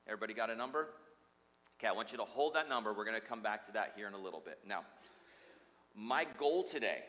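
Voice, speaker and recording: A man's voice: mid-range voice, a bit bright. A man preaching a sermon as pastor, telling a funny story and joking with the congregation. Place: church sanctuary. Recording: long hall reverb.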